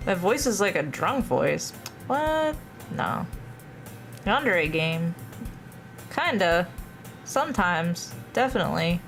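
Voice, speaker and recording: A woman's voice: lowish voice, sing-song, slow, long pauses, a bit bright, soft background music. A young adult woman streaming live, chatting with her viewers and reading a visual novel aloud, laughing often.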